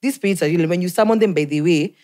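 A woman's voice: fairly low pitch, rapid-fire, dark tone. A Kenyan woman co-hosting a podcast, arguing her point in an earnest, insistent way. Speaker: podcast co-host. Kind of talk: casual chat.

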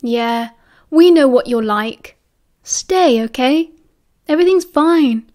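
A woman's voice: high-pitched, lively intonation, takes it slowly, warm tone. A woman with a British accent voicing a cheerful, eager teenage boy who reassures his friend.

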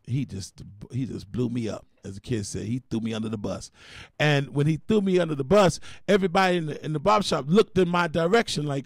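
Gravelly-voiced preacher with dramatic delivery. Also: male voice, on the high side, fast talker, dry recording, clean studio sound. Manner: folksy, dramatic preaching with repeated call-outs. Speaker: bishop and preacher. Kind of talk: storytelling sermon on gospel radio.

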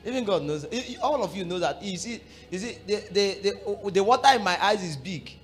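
A middle-aged man preaching a sermon as pastor, fervent, moving from murmured prayer to shouted exhortation. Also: high voice, expressive, fairly quick, soft background music.

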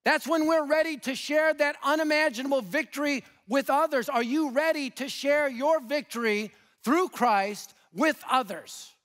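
A man with a high voice preaches a sermon through lively stories. He swings from punchy emphasis to hushed, quiet lines. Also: moderate pace, few pauses. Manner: animated, swings from loud to hushed. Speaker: guest preacher. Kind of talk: sermon storytelling.

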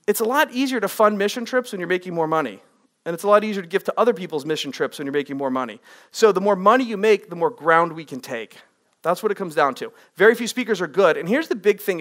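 High-voiced energetic male workshop speaker. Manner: energetic, asks the audience questions. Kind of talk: live workshop presentation. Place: room with a live audience.

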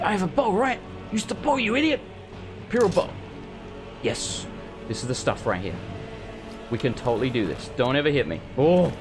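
A man, streaming a live let's play with excitable, sweary commentary and jumpy reactions to the game. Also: on the high side. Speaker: gaming streamer.

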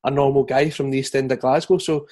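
A man hosting a casual podcast interview, asking steady questions and murmuring agreement often. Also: mid-range voice, fast. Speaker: podcast host.

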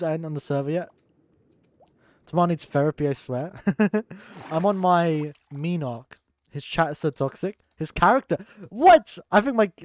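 A man's voice: on the high side, no echo. A young adult man streaming live, bantering crudely with his chat, laughing and teasing, with a sore throat.

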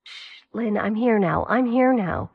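A protective older brother soothes his sister in a soft, coaxing voice, choking slightly on his words, as a woman reads him. The audio sounds dull and lo-fi. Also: medium pitch, animated, measured pace, creaky, husky, full character voice. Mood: hushed.

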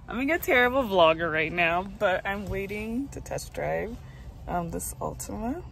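A young woman from the United States chats to the camera in an unhurried, relaxed way, playful and quick to tease herself. Noise is clearly heard behind her voice. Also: mid-range voice. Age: young adult. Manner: chatty, playful, self-teasing. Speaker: vlogger. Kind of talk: casual vlog chat to camera.

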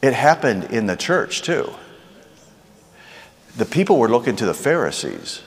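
A man's voice: medium pitch, very animated, a little slow, breathy edge, in a large hall. A man preaching a sermon in a conversational way, asking the crowd rhetorical questions.

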